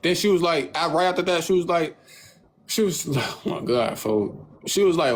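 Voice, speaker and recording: A young man hosts a livestream and tells a story on his phone, loose and full of swearing. He acts out other people's lines in mocking voices. His voice sits high, over a faint hiss of noise. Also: normal speed. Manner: animated, profane storytelling, acting out others' lines in mocking tones. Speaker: livestream host.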